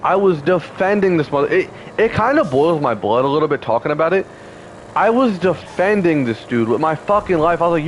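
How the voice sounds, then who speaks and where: A man's voice: a little high, expressive, a little fast, slight background noise, low-quality recording. A man in his twenties telling a painful personal story, heated, profane and upset, close to tears. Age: 20s. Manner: heated, profane, repetitive fillers.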